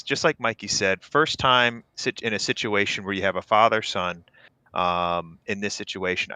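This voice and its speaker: A man's voice: lowish voice, dry recording. A man co-hosting a podcast, talking casually and encouragingly with plenty of fillers. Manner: warm, encouraging, rambling with fillers. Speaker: podcast co-host.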